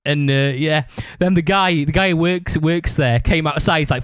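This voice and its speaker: A man's voice: on the high side, moderate pace, few pauses, smooth, no echo. A man hosting a podcast, rambling through a story in casual chat, swearing constantly. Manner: acts out other people's shouted lines. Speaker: podcast host.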